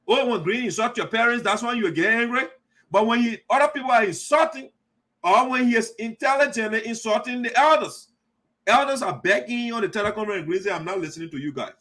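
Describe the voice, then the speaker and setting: A man's voice: very high-pitched, pushed and bright. A man hosting an online radio show, giving heated, repetitive political commentary and calling the listener "my brother.". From Liberia.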